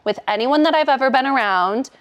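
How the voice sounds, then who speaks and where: A young woman with a somewhat high voice tells a story in a fast, casual way. She fills her talk with "like" and swears freely. Her delivery is animated and chatty. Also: highs cut off, a little hiss or hum. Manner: animated, profane, heavy use of "like".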